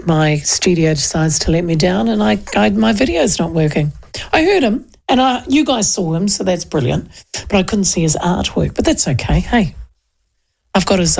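A woman's voice: on the low side, creaky, a little mellow. A woman, hosting a casual radio show and chatting in a rambling, self-interrupting way. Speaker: radio host.

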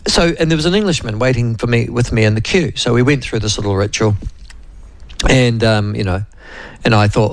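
A man's voice: mid-range voice, a little fast, no room sound. A New Zealand man hosts talk radio in a loose, rambling way and keeps calling his co-host and listeners by name. His voice sits in a mid register and sounds dry and close to the mic. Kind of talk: casual radio chat.

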